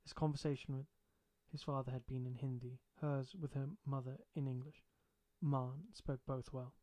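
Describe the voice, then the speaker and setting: Male audiobook narrator, measured and plain, occasional word restarts. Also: mid-range voice, steady tone, warm tone.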